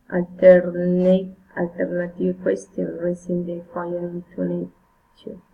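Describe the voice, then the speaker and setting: A woman reading English pronunciation drills aloud, word by word, carefully and haltingly, often repeating words. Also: lowish voice, flat delivery, creaky. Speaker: English learner. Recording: tinny phone-like recording.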